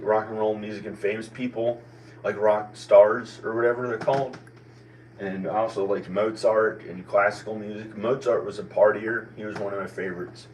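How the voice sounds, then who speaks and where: Low-voiced guy in his 40s, country accent, rambling and second-guessing himself, far from the mic with faint hiss. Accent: American country. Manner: meandering, self-questioning, many restarts. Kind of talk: rambling personal monologue. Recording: distant mic with faint background noise.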